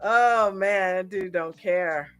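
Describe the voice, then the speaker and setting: Laughing animated woman host. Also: mid-range voice, drawn-out words, over loud music. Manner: laughs often, animated storytelling. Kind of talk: casual chat. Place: online call.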